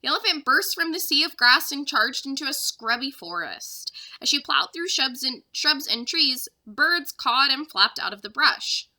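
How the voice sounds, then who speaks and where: A woman's voice: sits high, moderate pace, few pauses. A young woman, a third-grade teacher, expressively reading a children's chapter book aloud to her class. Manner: expressive storyteller.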